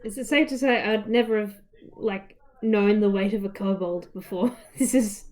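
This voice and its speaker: A woman playing a tabletop game, talking hesitantly with many pauses and ums. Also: mid-range voice, darkish tone. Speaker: player.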